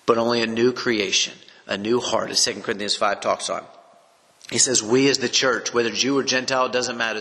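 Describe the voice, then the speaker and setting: Teaching a chapter of the Bible without a script, a sincere man presses his points by saying them again. His medium-pitched voice sounds bright and forward, echoing with long reverb as though in a big room.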